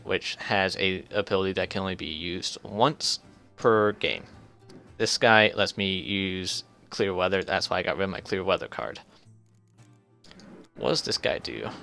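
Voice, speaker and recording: A man streaming a card game live, thinking aloud in halting starts while his voice grows strained. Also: low-pitched, bright, forceful tone. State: strained, fading voice. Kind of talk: casual live gameplay commentary.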